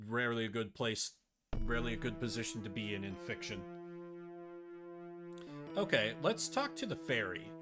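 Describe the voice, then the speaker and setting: A man's voice: fairly low pitch, lively intonation, normal speed, pauses often. A man chatting casually and rambling as he streams a game live. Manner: chatty, rambling, self-deprecating. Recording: game music behind.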